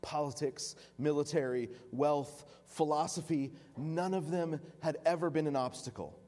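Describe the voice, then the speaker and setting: A man's voice: a little high, measured pace, mellow. Dramatic preacher man in a big hall. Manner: vivid, dramatic narration. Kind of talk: sermon storytelling. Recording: long hall reverb.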